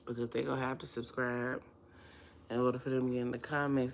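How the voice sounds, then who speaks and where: A woman's voice: a bass voice, level tone, brisk, slight background noise. A woman from Alabama with a Southern accent, chatting casually and expressively to her livestream viewers. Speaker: livestream host. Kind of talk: casual livestream chat, reading comments aloud.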